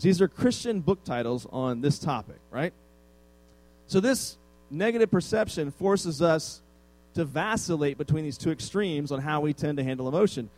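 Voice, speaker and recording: A man's voice: fairly high pitch, big pitch swings, moderate pace, darkish tone, dry recording, low-quality recording. Conversational man preaching a sermon. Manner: conversational, self-deprecating humor. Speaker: pastor.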